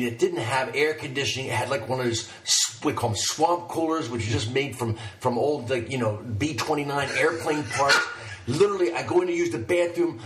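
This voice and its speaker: A male comedian telling stories in a casual, animated and profane way. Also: medium pitch. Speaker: stand-up comedian. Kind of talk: casual storytelling chat. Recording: echoey room, far from mic.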